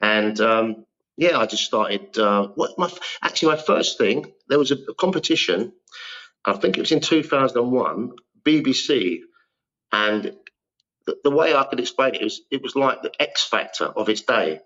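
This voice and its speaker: A man's voice: mid-range voice, expressive, normal speed, a bit bright, highs cut off. A man in his fifties, a guest actor telling rambling, self-deprecating stories in a casual interview. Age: 50s.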